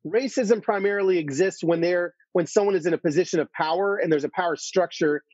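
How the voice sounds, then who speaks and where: A man's voice: high voice, fairly quick, a little mellow, husky, no echo, highs cut off. A man as an interview guest, telling a story earnestly, full of restarts and asides.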